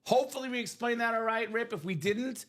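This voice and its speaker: A man's voice: very high-pitched, fast. A man hosting a live trading card break stream, chatting with his co-host and explaining the rules to viewers. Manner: animated, explains rules to chat. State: coughing, losing his voice. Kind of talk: live stream sales chat.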